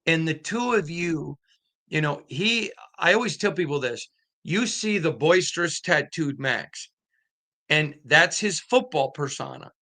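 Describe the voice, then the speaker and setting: Bright-voiced earnest male podcast host. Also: fairly high pitch, expressive, a little slow. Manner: earnest, emphatic storyteller. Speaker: podcast host and sports beat writer. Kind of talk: casual interview chat.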